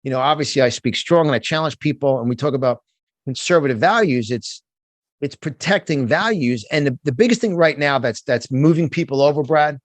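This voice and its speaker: A man's voice: mid-range voice, animated, brisk, no room sound. A middle-aged man with a New York accent, speaking as a guest in an interview, emphatic and fired up, often restarting his words. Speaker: guest, motivational speaker and business coach. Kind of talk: passionate conversational interview.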